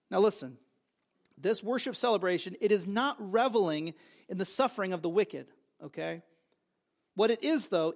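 A man delivers a sermon in an unusually high voice. He builds to emphatic repeated phrases and then drops into conversational asides to his listeners. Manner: preaching with rising, emphatic repetitions; lively, conversational asides to the congregation. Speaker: pastor.

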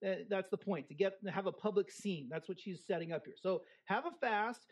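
Conversational preacher with quick asides. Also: mid-range voice. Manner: conversational, with frequent "right?" asides; humorous modern asides. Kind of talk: expository sermon with scripture reading.

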